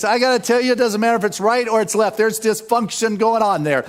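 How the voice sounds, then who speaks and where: A man preaching a sermon, telling a story with lively energy and laughter. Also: very high-pitched, a little fast, hardly any pauses. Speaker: pastor.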